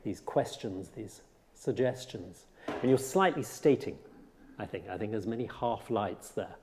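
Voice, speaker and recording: A man teaching a cello master class, coaching a student with lively, detail-fussy remarks. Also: lowish voice, a little slow, background noise. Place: concert hall. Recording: reverberant hall with music.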